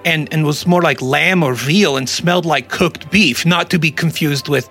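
A man hosting a podcast in casual comedic chat, a joking storyteller with quick asides. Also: a little high, fairly bright tone, soft background music. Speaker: podcast host.

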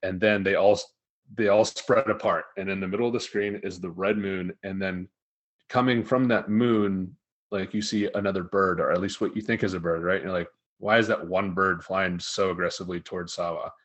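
Deep voiced guy swearing his way through an anime recap, podcast chat. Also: brisk. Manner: profane, animated storytelling. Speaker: podcast co-host.

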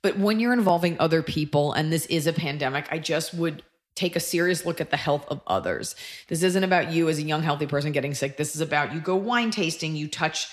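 Blunt low-voiced woman giving advice. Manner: blunt, emphatic, quick asides. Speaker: podcast co-host giving advice. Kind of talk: casual advice chat.

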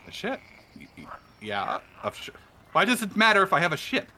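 A man voicing a fussy, wealthy male guest who complains indignantly, stammering and flustered, in a bright, higher voice. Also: wildly swooping pitch, brisk, full character voice.

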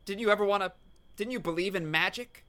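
A man's voice: high voice, fast, fairly bright tone. A man performing an improvised comedy scene, earnest and dreamily pleading.

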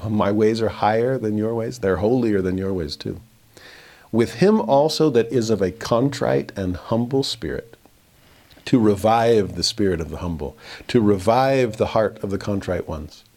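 A man teaching a verse-by-verse scripture lesson, reading passages slowly and then paraphrasing them with rising emphasis. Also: lowish voice, a little mellow.

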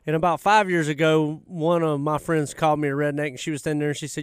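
A folksy man with a Southern accent co-hosts from the radio studio. He rambles through his stories in a slightly higher voice. The sound is close and dry. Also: steady tone, a little fast, smooth, dry recording. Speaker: radio show co-host. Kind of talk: casual radio chat.

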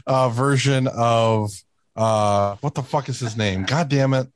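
A man's voice: mid-range voice, a little slow, dry recording. A man as podcast co-host, sardonic and exasperated in casual chat.

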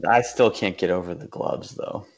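A man's voice: sits low, normal speed, dull audio, a little hiss or hum. A man co-hosting a podcast, chatting casually and dropping dry questions and quips. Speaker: podcast co-host. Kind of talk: casual chat.

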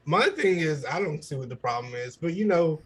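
A man co-hosting a podcast, talking in a loose, candid way full of jokes and slang. His voice sits a little high for a man, and he keeps it casual and chatty. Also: lively intonation, moderate pace, a bit bright, slightly rough, low-quality recording. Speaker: podcast co-host. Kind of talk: casual chat.

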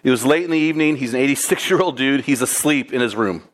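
Male preacher, casual and animated, talks straight to the congregation. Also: mid-range voice, fast talker. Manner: lively, conversational, addresses listeners as guys. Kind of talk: sermon storytelling.

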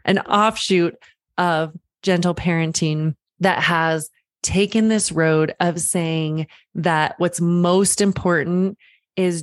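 A woman's voice: on the low side, dry recording, clean studio sound. A woman parenting coach giving direct advice to the listener, reassuring and calling them friend. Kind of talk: direct-to-camera advice talk.

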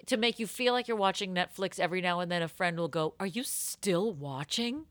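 A woman's voice: on the low side, fast talker, fairly bright tone, no room sound. A woman co-hosting a casual comedy podcast, reading an old advice column aloud with playful, dramatic mock outrage. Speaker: podcast co-host.

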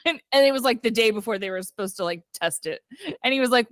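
A woman's voice: a little high, lively intonation, fairly quick, fairly bright tone, no echo, clean studio sound. A woman co-hosting a casual movie review podcast. She retells scenes chattily, acts out the characters' lines, and laughs often. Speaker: podcast co-host.

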